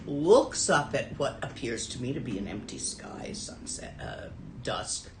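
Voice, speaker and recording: A woman's voice: a bass voice, very animated, a little slow, few pauses, reverberant, a little hiss or hum, rough recording. Wry woman telling a dharma story. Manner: casual, wry anecdotal telling. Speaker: Buddhist teacher and Tibetan translator.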